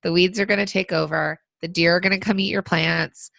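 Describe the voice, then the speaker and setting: A woman co-hosting a business podcast, giving casual advice with lots of fillers, her voice still rough from being sick. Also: on the low side, steady tone, fairly quick, fairly bright tone, no room sound. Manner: conversational, frequent fillers. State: recovering from illness. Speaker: podcast co-host.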